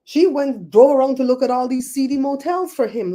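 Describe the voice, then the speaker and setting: A woman's voice: sits high, normal speed, few pauses, mellow. A woman hosting a casual livestream, chatting with viewers by name and laughing often. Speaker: livestream host.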